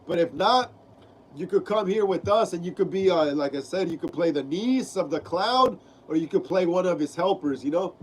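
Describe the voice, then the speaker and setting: Animated and speaking at a moderate pace, a high-voiced man hosts a horror film live stream while sick, his clogged nose giving him a stuffy, nasal sound. He reads out viewer comments in a slangy, laid-back way, repeating phrases and calling viewers "bro." The low-quality recording carries a little hiss or hum.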